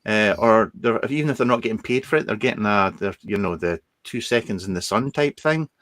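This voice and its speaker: A man's voice: lowish voice, fairly quick, a bit bright, no echo. A male guest on a live chat show who rambles through his points in casual chat. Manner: hesitant, rambling with fillers and laughs.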